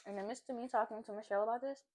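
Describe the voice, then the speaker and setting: A young woman chatting through a personal story while eating, animated and full of asides and fillers. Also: fairly high pitch, rapid-fire, a little hiss or hum. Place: at home, eating a seafood boil.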